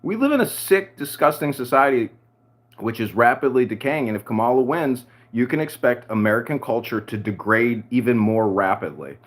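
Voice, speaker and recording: A man's voice: medium pitch, normal speed. A man hosting a political podcast, talking in a heated, crude rant. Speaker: podcast host.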